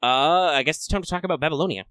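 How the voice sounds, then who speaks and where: Male podcast co-host, bright tone, dry close sound, chatty and playful. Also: a little high, rapid-fire, dry recording. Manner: chatty, playful and upbeat, with excited asides. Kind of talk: casual fan discussion podcast.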